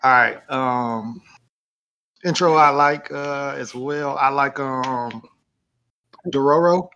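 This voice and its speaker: A man's voice: mid-range voice, takes it slowly, bright, forceful tone. A man co-hosting a podcast, talking loosely in slang and laughing often. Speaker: podcast co-host. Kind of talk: casual chat. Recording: dull lo-fi recording.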